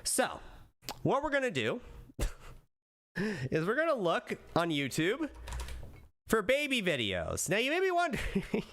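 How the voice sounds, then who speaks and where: A male streamer chats away on a live stream in a bright, slightly high voice. He rambles, restarts and bursts into laughter, his pitch leaping widely from line to line. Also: measured pace, pauses often. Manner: excitable, rambling, laughs often. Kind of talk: casual live-stream chat.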